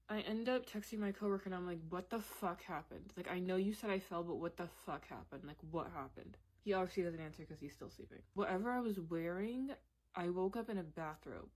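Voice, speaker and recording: A woman in her twenties recounts a personal story in a candid story time vlog. Her voice sits a little low, and her delivery is loose and conversational. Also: a little mellow. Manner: candid, conversational, laughs while telling.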